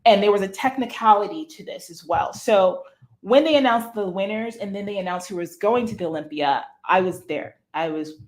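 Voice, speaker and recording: Lively woman telling her story. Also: mid-range voice, moderate pace. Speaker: guest. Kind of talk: casual storytelling interview.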